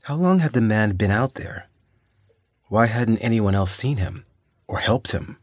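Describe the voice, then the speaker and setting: Give me a male audiobook narrator with a low, slightly husky voice, reading steadily. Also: lively intonation, a little slow, no room sound, studio quality. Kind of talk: scripted narration.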